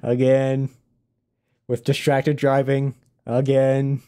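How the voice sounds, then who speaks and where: A man's voice: medium pitch, completely flat delivery, slow, mellow, smooth. A man streaming a game live, chatting casually, laughing often and answering his chat as he plays.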